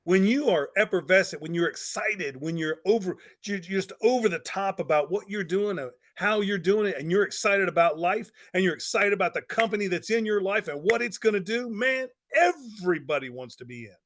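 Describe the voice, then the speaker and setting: A man, a pastor, giving a motivational talk with energetic storytelling and repeated phrases for emphasis. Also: high-pitched, a little fast, hardly any pauses. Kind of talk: motivational talk to network marketers.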